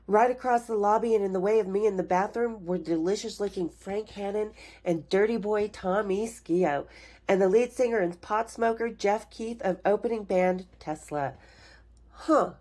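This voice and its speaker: A woman's voice: medium pitch, a little mellow. A woman in her fifties reading aloud from her own memoir, frank and playful, stopping to chat to her viewers. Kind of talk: memoir reading with chatty asides.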